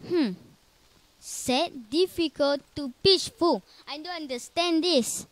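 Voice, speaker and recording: A woman narrating her own game, speaking slowly and a little high. She sounds jumpy and nervous, muttering to herself with small grammar slips in her English. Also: dry recording. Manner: jumpy, nervous, talks to herself while playing. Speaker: gamer. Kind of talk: casual let's-play commentary.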